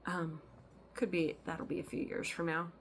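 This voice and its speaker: A woman hosts a cross-stitch vlog in a relaxed, meandering way. Her voice sits on the low side. She fills pauses with ums and restarts her sentences, and a faint background hum sits under her talk. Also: creaky. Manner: rambling, full of ums and restarts. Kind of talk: casual chat.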